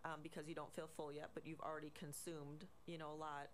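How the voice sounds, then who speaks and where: Low-voiced woman explaining calmly. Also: brisk, slight background noise. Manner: relaxed, explaining with many fillers. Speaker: guest. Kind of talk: casual radio chat.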